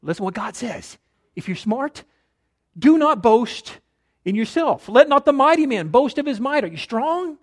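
High-voiced preaching pastor. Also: male voice, very animated, measured pace. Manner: dynamic preaching, rhetorical questions, drops to near-whisper for emphasis. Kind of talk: sermon.

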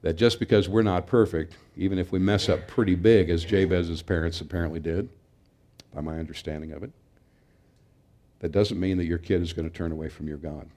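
A man's voice: low voice, steady tone, brisk, dark tone. A middle-aged man preaching a sermon in an earnest, emphatic way, sometimes restarting his phrases. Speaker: pastor.

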